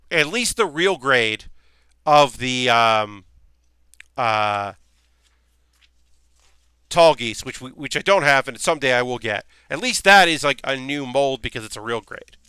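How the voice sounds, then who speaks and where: A man's voice: mid-range voice, lively intonation, takes it slowly, long pauses, bright, forceful tone, clear, resonant tone, no room sound. A man live-streaming a model kit build, chatting casually to his viewers, ranting and rambling with lots of fillers.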